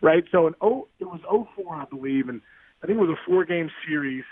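A man in his forties telling a story as a podcast guest, excitable and animated, acting out the voices of the people in his stories. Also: a little high, brisk, no echo. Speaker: guest, former pro baseball player. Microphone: phone call. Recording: tinny dry phone line.

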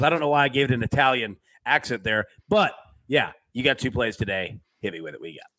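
Bright-voiced man hosting a betting show. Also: mid-range voice, very animated, fairly quick. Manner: loose, filler-heavy, reads chat comments aloud. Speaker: podcast host. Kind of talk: casual sports betting chat.

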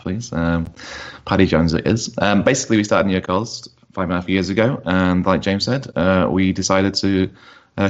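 A man hosting a casual podcast, relaxed and halting, with plenty of ums. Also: low voice, highs cut off. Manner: relaxed, hesitant with many ums. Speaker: podcast host.

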